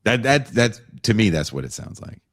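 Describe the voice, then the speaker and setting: A deep-voiced man hosts a podcast in loose, casual chat. He swears freely, gets fired up and laughs a lot. His voice sits close and dry on the mic. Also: moderate pace, vocal fry, no room sound. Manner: profane, excitable, laughs often. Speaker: podcast host.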